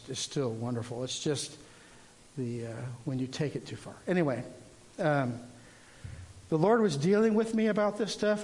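A man in his sixties preaching informally, telling a personal testimony in a rambling, halting way with many restarts. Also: medium pitch, darkish tone.

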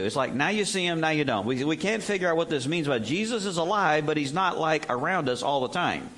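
A man preaching a conversational sermon, telling the story with animation and acting out quotes. His voice sits a little high and swings through a lively range. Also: fairly quick, hardly any pauses. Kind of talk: conversational Bible teaching sermon.

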